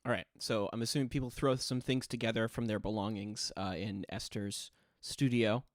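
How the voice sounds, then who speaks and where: A man's voice: on the low side, steady tone, moderate pace, no room sound, clean studio sound. A man running a tabletop role-playing game, describing scenes in loose narration full of fillers. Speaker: game master.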